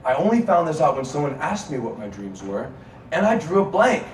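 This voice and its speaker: A man giving an inspirational speech to a live audience in a student lounge, rousing the crowd into call-and-response chants and swinging between loud and hushed delivery. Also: on the high side, big pitch swings, brisk. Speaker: motivational speaker. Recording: roomy, distant mic, audience and room noise.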